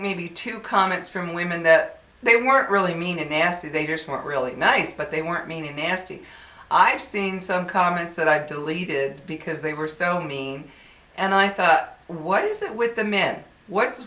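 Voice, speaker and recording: Woman vlogger, chatty and exasperated, bright voice, echoey room. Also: on the low side. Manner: chatty, exasperated, many fillers and restarts. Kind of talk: casual venting monologue.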